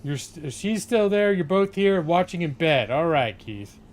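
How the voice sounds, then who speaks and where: A man's voice: on the high side, animated, unhurried. A man streaming a video game and chatting in a digressive way, filling his talk with fillers while he retells old comedy sketches. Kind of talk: rambling gameplay commentary on a live stream.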